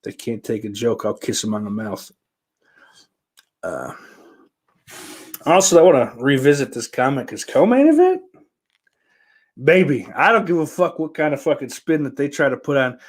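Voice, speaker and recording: A man hosting a solo podcast, talking in a loose, rambling, heavily profane way with sudden loud bursts. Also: mid-range voice, sing-song, moderate pace, pauses often. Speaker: podcast host.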